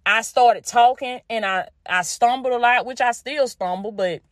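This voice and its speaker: Speaking at normal speed with hardly any pauses, a woman whose voice is on the high side hosts a podcast. She is from the Southern United States, has a Southern US accent, and gives a down-home, faith-based motivational talk, repeating phrases and addressing listeners as "baby" and "y'all". The sound is clean studio audio with no echo.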